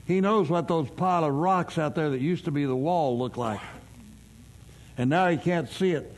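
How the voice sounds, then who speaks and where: A pastor delivers a sermon in a folksy, storytelling way. His voice sits a bit high for a man. He keeps breaking off to ask his listeners questions. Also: normal speed, a little mellow.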